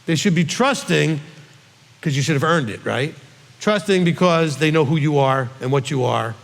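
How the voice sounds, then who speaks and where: A man's voice: on the high side, expressive, normal speed, vocal fry, in a large hall. A male rabbi reading scripture aloud and teaching from it, in a conversational way that puts questions to his listeners.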